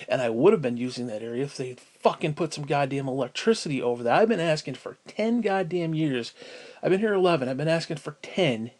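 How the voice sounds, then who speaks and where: A man's voice: fairly high pitch, darkish tone. A man venting at home in a casual vlog, profane and sighing as he rants. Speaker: vlogger.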